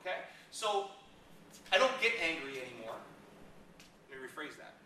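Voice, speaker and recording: A middle-aged man speaking at a seminar, lively and acting out little scenes as he makes his points. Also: on the high side, normal speed, a little hiss or hum. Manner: animated, acts out little scenes in raised voices. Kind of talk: motivational seminar talk. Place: seminar room. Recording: echoey room, mic from a distance.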